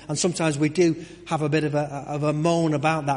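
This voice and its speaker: A man's voice: fairly high pitch, flat delivery, fast talker, few pauses, a little mellow, in a large hall. A man giving a conversational sermon, full of restarts and rhetorical questions. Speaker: preacher. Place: church.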